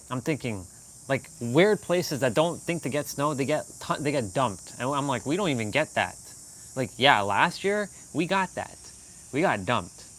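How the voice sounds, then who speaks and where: A man from Canada chatting casually on a live stream, rambling and animated, laughing often as he talks to viewers. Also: mid-range voice.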